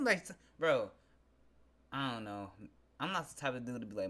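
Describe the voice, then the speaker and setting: A young man in a casual vlog, ranting in an animated, slangy, exasperated way. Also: medium pitch, moderate pace. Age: young adult. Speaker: vlogger. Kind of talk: casual venting monologue.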